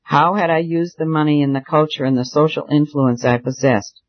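A man's voice: on the high side, steady tone, normal speed, no room sound, close to an everyday voice. A man voicing a wealthy male landlord who is anxious and guilt-stricken, read in an audiobook. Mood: anguished. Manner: anxious confessional pleading. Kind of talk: audiobook character reading. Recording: dull dry recording.

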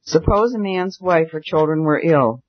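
A man reading a novel aloud in a steady, earnest manner. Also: a little high, normal speed, dry recording. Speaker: audiobook narrator. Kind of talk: scripted narration. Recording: dull dry recording.

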